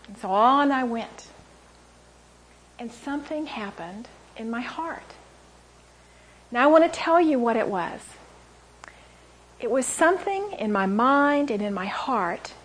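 Woman giving a sermon, kinda breathy voice, sits a bit high, gets dramatic then goes all quiet. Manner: animated storytelling, acting out quotes, dropping to a whisper. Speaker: Bible teacher. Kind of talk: sermon to a women's audience.

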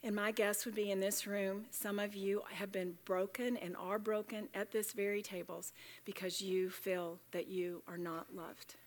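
A woman's voice: mid-range voice, steady tone, unhurried. A woman giving a Bible study talk to a room of women, chatty and joking yet earnest. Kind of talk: sermon.

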